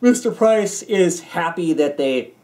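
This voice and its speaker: A man's voice: sits high, animated, takes it slowly, a little mellow. A tired man giving a casual, rambling comic book review from his home basement, with many ums and restarts. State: tired, yawning.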